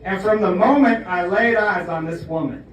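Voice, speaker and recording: A man's voice: high-pitched, moderate pace, slight background noise. A man telling a comic story with mock earnestness, often tagging lines with "okay?". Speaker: comedian. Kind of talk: comedic storytelling monologue. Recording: echoey room, far from the mic.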